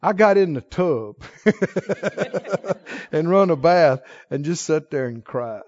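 Male pastor, middle-aged, high voice, sermon delivery, slightly muffled dry recording. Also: lively intonation, takes it slowly, no room sound. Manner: emotional storytelling, rising to forceful exhortation.

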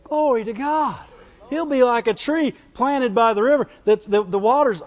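A man preaches a folksy, call-and-response sermon in a strikingly high voice. The sound is dull and muffled, with a long reverb trailing behind him in a church hall. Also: normal speed, darkish tone.

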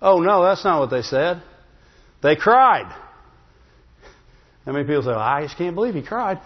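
A man with a high voice preaches in a church sanctuary, and his words ring out with a long reverb. He tells the story in a humorous, conversational way and keeps asking the congregation "Amen?" The recording sounds slightly dull. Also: sing-song, moderate pace. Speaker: pastor. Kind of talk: sermon.

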